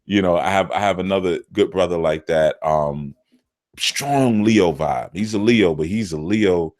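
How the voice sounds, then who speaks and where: Low-voiced man telling stories animatedly. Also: a little slow. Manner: animated, jumps into quoted voices with big pitch swings. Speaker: spiritual teacher. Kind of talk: casual storytelling talk.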